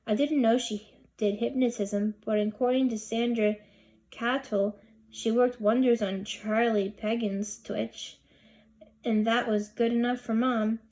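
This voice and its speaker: A woman's voice: fairly high pitch, steady tone, unhurried, a little mellow. A woman narrating a children's chapter book in first person, reading expressively. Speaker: audiobook reader. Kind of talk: storybook narration.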